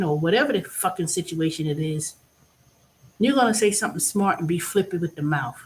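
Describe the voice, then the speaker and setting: A woman hosting her own vlog, giving a blunt, profane monologue that swings between loud bursts and low asides. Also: expressive, a little fast. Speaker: vlog host. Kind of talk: casual ranting monologue.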